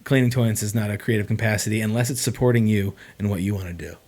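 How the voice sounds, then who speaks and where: A young man chatting casually on a livestream, rambling and excitable, with lots of filler words. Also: fairly low pitch, fast talker. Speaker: streamer.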